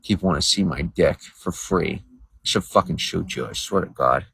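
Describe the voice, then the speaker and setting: A man's voice: low voice, moderate pace, creaky, sharp tone, husky, poor audio. A man livestreaming to viewers in casual talk, crude, boastful and rambling. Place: outdoors by a road.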